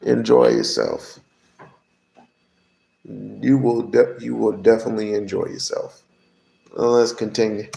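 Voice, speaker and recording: A man co-hosting a call-in livestream, giving slow, lecturing commentary. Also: on the low side, lively intonation, vocal fry, mellow, a little hiss or hum. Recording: roomy echoey room.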